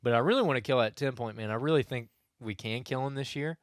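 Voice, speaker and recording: A man's voice: mid-range voice, fast talker, no echo, clean studio sound. A young man, co-hosting a casual podcast and telling a long story full of restarts and asides. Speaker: podcast co-host. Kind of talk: casual hunting podcast chat.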